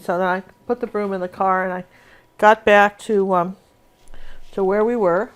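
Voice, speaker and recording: A woman's voice: mid-range voice, fairly even intonation, moderate pace, clear, resonant tone. A woman teaching a live painting lesson, chatting and telling rambling stories while she works. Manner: rambling, chatty storyteller with many asides. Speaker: painting instructor.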